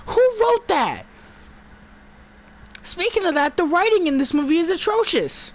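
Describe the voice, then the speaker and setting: A woman's voice: extremely high pitch, sing-song, a little slow, long pauses. A woman giving an exasperated, profane movie review, stumbling and restarting her words as she rants.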